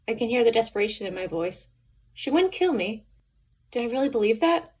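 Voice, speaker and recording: A woman's voice: fairly high pitch, animated, moderate pace, a little mellow, slightly rough, muffled recording. A woman reading a novel aloud in the first person, with an anxious, introspective telling. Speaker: audiobook narrator.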